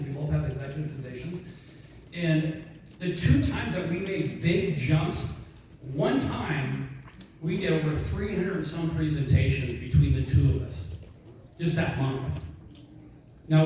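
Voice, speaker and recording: A man with a somewhat high voice tells stories with energy to a live crowd, playing both sides of a dialogue. The sound is very echoey and picked up from a distance, with a faint hum of room ambience behind him. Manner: energetic storytelling, acts out dialogue. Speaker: network marketing speaker. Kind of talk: motivational stage talk. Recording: echoey hall, mic from a distance.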